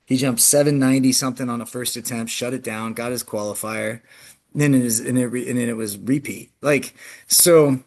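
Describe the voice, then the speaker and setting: A man who coaches track and field, answering interview questions in a loose, conversational way, often restarting his sentences. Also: brisk. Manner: animated, frequent restarts, jumps in pitch when emphatic.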